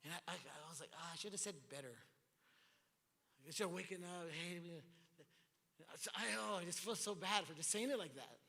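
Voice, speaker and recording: A man preaching a sermon as pastor, animated, acting out the voices from the scripture story. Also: high voice, a little fast, gravelly, pauses often. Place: large church hall. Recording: long church hall reverb.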